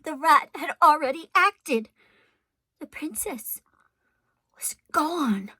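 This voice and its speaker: Slow, expressive woman reading a story aloud. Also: high voice, no echo. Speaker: teacher. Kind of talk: classroom read-aloud.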